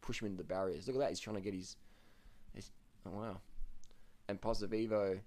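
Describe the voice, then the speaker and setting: A man giving loose, profane commentary over cycling race footage, his voice jumping up high when he gets excited. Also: a little fast. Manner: swears often, voice jumps up when excited.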